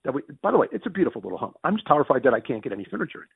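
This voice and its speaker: A man's voice: mid-range voice, big pitch swings, gravelly, slightly rough, no echo. A middle-aged American man telling long personal stories in a conversation, jumping through them with restarts and quoted dialogue. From United States. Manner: rapid self-correcting anecdotes with quoted dialogue. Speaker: interview guest. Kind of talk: animated storytelling in conversation. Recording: dry sound over a phone-like line.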